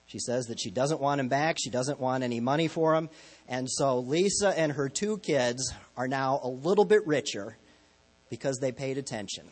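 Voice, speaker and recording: A man's voice: mid-range voice, slightly rough. A man preaching a sermon as a pastor, telling stories in a conversational, lightly humorous way.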